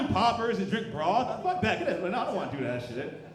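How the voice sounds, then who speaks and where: High, lively man doing stand-up. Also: fast talker. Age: 30s. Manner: animated, profane, loud punchlines. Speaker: stand-up comedian. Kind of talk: stand-up comedy set. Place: comedy club stage. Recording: roomy live club recording with crowd. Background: audience laughter.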